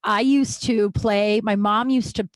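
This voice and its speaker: A podcast host in her thirties shares candid personal stories, rambling, correcting herself, and laughing along at them. Her mid-range voice is steady and a little slow, recorded dry.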